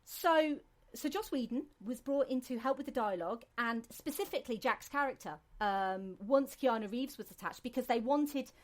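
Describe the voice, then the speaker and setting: Slightly high-pitched and at a normal pace, a British podcast host talks casually. She rambles, often restarting sentences and leaning on plenty of fillers.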